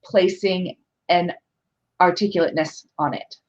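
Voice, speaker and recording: A woman's voice: on the low side, fairly even intonation, measured pace, darkish tone. A woman from California hosting a casual discussion, talking in a thoughtful, chatty way. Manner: thoughtful, chatty, laughs easily. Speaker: discussion host. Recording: dull lo-fi sound.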